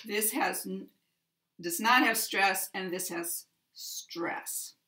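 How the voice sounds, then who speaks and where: An American woman teaching pronunciation, speaking deliberately and repeating example sentences with clear stress. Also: medium pitch, pushed and bright.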